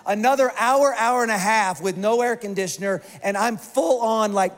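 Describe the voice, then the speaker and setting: High-voiced pastor in a reverberant hall. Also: male voice. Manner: animated, self-mocking storytelling with quick bursts. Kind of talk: storytelling sermon. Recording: long reverb of a large hall.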